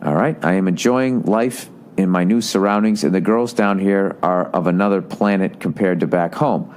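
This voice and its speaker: A man's voice: low voice, normal speed. A man in his forties with a Boston accent, hosting a podcast in a rambling, profane, sarcastic comedic monologue, reading out listener emails with running commentary. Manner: profane, sarcastic, animated ranting. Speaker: podcast host.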